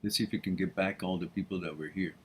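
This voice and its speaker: A man's voice: low-pitched, steady tone, fast, a bit bright, a little hiss or hum. Blunt man hosting a live Q&A. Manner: blunt, frank, swears casually, laughs often. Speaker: host answering viewer questions. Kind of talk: live-stream Q&A.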